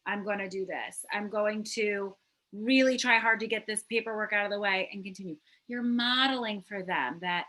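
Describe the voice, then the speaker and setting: Lively bright-voiced woman psychologist. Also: medium pitch. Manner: energetic, animated, talks fast and acts out examples. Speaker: psychologist guest. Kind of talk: panel discussion over video call. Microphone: video call.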